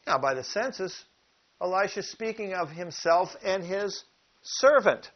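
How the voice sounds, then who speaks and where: A man preaching a sermon who teaches from scripture, asks the listeners questions and reads verses slowly with emphasis. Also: high-pitched. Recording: dull lo-fi recording.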